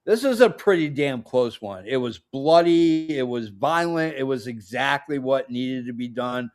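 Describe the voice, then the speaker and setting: A man's voice: medium pitch, lively intonation, measured pace. A man co-hosting a casual podcast chat, blunt and jokey as he makes his case. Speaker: podcast co-host.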